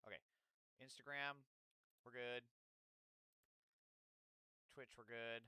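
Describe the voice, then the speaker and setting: A man chatting on his livestream in a bright, forceful voice that comes across smooth and crisp. He rambles, swears and talks with food in his mouth, close to a desk mic in a dry room. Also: mid-range voice, fairly even intonation, takes it slowly, no echo. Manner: rambling, profane, talks while eating. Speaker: livestream host. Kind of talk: casual livestream chat. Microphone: desk microphone, close.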